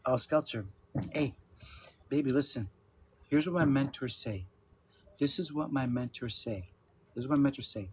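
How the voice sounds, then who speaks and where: A man's voice: medium pitch, slight background noise. A man in his fifties hosting a casual livestream chat, laughing often and talking loosely with some swearing. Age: 50s. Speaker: livestream host. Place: at home with his dogs.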